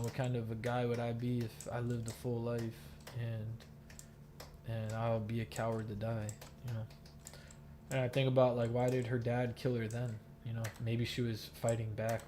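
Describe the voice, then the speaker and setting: A young man from the Miami area, an active soldier, tells a long, emotional personal story in game voice chat, rambling and swearing often with lots of fillers and restarts. His medium-pitched voice is completely flat at normal speed, over a noisy background.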